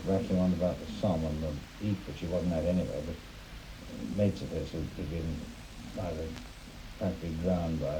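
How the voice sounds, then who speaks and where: A man's voice: low-pitched, background noise. An older man, speaking bluntly and dismissively in a reflective interview.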